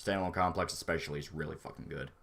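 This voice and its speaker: A man's voice: rumbling low, steady tone, racing, vocal fry, a bit bright. A man chatting casually on a livestream, rambling and swearing freely as he reacts to his chat. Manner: rambling, profane, laid-back. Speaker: streamer reading chat.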